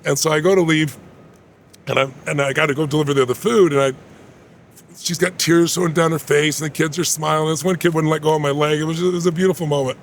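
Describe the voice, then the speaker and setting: A man in his sixties, a guest in an interview, telling a personal story in an animated, emphatic way with a gravelly voice. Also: fairly high pitch, quick pace, slight background noise.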